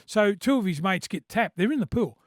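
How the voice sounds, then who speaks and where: A middle-aged Australian man spins blokey yarns, full of fillers and asides. His voice sits a touch high, and the studio sound is close and dry. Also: fairly quick, no room sound. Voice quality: blokey, animated storyteller with lots of filler. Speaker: podcast guest. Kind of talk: casual storytelling chat.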